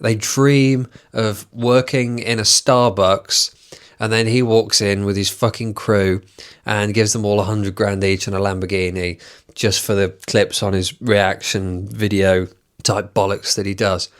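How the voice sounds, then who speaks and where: A man's voice: on the low side, little pitch movement, measured pace, smooth. A man hosting a solo podcast, ranting in a sweary, sneering, sarcastic way and mocking what he reads aloud. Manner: reads items aloud and mocks them. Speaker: podcast host.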